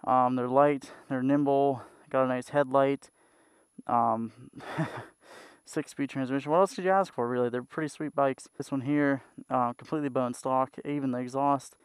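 A man's voice: medium pitch, fairly even intonation, moderate pace, clean tone, no room sound, clean studio sound. A man vlogging about his dirt bike in a laid-back, rambling way, swearing freely. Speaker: motorcycle vlogger. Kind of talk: casual vlog chat about a dirt bike.

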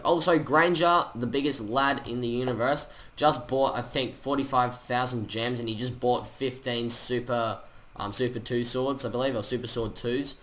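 A man giving chatty, excitable commentary over his own gameplay, full of slang. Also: medium pitch. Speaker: gaming channel host.

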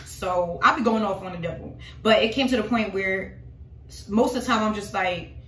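A woman's voice: mid-range voice, moderate pace, fairly bright tone, roomy sound, slight background noise. A woman talking casually and dramatically to her followers about her faith, calling them y'all. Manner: emphatic, dramatic, addresses viewers as y'all. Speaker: religious vlogger.

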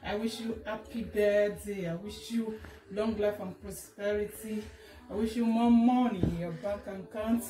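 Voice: medium pitch, fairly even intonation, unhurried. Effusive birthday well-wisher in an echoey room. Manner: effusive, listing blessings. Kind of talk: birthday video message. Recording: echoey room, off-mic, loud music behind.

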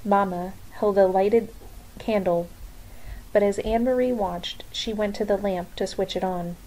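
A woman reading a novel aloud in a calm, measured storytelling voice. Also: medium pitch, poor audio. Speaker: reader. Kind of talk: audiobook narration.

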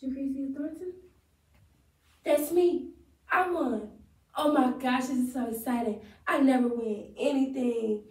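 A woman's voice: high voice, a little slow, darkish tone, echoey room, recorded from a distance, pitched above the performer's own voice, low-quality recording. A woman performing a monologue as a breathless, overexcited young woman who thinks she has won a prize. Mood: giddy. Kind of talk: rehearsed acting-class monologue.

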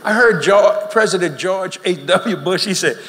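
A man's voice: high-pitched, moderate pace, fairly bright tone. An older man with a Louisiana accent preaching a sermon through folksy, joking stories, recorded in a large meeting hall. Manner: folksy, joking, drawling storyteller. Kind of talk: humorous sermon storytelling. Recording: reverberant hall with faint ambience.

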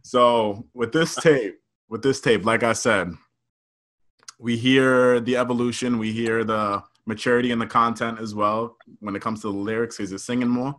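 A man's voice: mid-range voice, fairly even intonation, normal speed, a bit bright. Easygoing young man hosting. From Massachusetts. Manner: easygoing, asks long rambling questions, says "you feel me". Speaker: podcast host. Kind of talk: casual interview chat.

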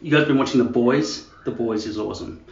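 A man's voice: mid-range voice, a little fast, creaky, slight background noise. Crude joking man in an echoey room. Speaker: vlogger. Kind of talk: casual rambling vlog. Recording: echoey dull room sound.

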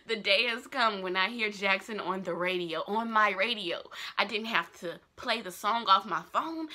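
A young woman from Georgia, chatting excitedly in her fan news vlog and repeating herself as she gushes. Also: medium pitch, moderate pace, few pauses, music in the background. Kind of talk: casual vlog chat.

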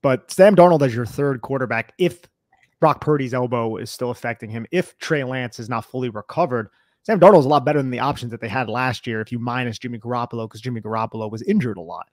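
A man's voice: medium pitch, fast talker, a little mellow, no room sound, clean studio sound. A man co-hosting a football podcast, breaking down the schedule in a casual, conversational way with some slang. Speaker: podcast co-host. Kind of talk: sports analysis chat.

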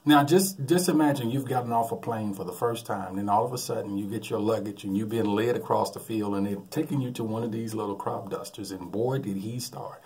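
A man preaching in a lively storytelling way, chuckling between his lines. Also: fairly low pitch, brisk, few pauses. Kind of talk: sermon with a humorous anecdote.

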